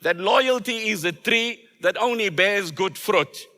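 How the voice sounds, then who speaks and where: A man's voice: sits high, unhurried, sharp tone. A man, an Islamic scholar, delivering an emphatic sermon with rhetorical repetition. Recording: long hall reverb.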